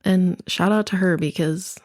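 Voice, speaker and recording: A woman's voice: lowish voice, steady tone, a little slow, a little mellow, no echo, clean studio sound. A young woman guest telling stories in casual chat, bubbly and laughing often. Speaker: podcast guest.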